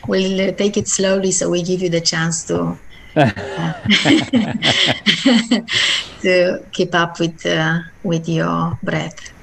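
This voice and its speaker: A woman hosting a podcast interview, speaking in a measured, polite way with frequent fillers. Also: on the low side, fairly even intonation, gravelly, fairly bright tone. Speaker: podcast host.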